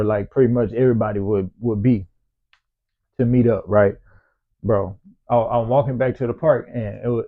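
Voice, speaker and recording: A man telling a story from his own life in a loose, profane, slangy way. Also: mid-range voice. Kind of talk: casual personal storytelling. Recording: tinny phone-like sound.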